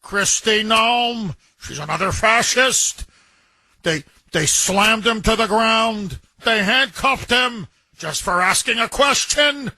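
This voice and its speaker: Man, radio talk host, emphatic, repetitive, high voice, dry studio sound. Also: slow, no echo. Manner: emphatic, repetitive, animated retelling with quoted voices. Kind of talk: opinionated political talk radio.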